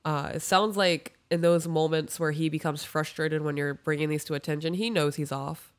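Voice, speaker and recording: A woman co-hosting a podcast, giving casual advice and telling candid, animated stories about her own family. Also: sits low, normal speed. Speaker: podcast co-host reading listener emails.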